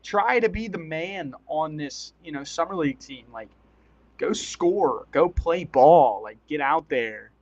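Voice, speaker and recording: A man's voice: fairly high pitch, unhurried, dry recording. Chatty man calling a game, dull lo-fi sound. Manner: excitable, chatty, often laughs. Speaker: live-stream commentator. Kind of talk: casual play-by-play commentary.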